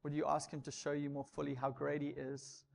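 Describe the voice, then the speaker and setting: A man leading communion at the close of a sermon, speaking in an even, earnest way. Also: on the high side, brisk, vocal fry. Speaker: pastor.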